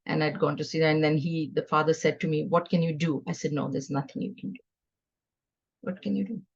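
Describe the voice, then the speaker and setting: A woman's voice: low-pitched, fairly even intonation, quick pace, gravelly, slightly rough, dull audio. A middle-aged woman giving a scripture class, teaching earnestly and conversationally with stories. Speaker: spiritual teacher.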